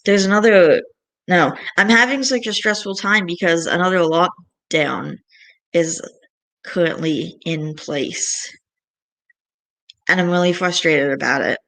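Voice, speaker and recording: A woman's voice: on the low side, measured pace, long pauses, fairly bright tone. A young woman talks straight to her camera in a casual vlog, venting about her frustrations. She rambles, restarts her thoughts and sighs often. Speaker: vlogger.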